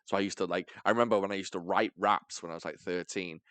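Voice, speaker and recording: A man's voice: deep voice, steady tone, quick pace, a bit bright, smooth, no echo. A man from North Wales with a Welsh accent, co-hosting a podcast in joking, self-mocking casual chat. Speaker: podcast co-host.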